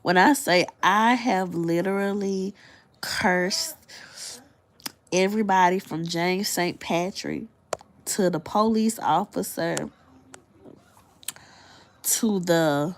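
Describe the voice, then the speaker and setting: A woman's voice: on the low side, slow, long pauses. A woman on a livestream, telling an upsetting story in an exasperated way and repeating phrases for emphasis. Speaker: livestream reader host. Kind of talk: emotional livestream vent.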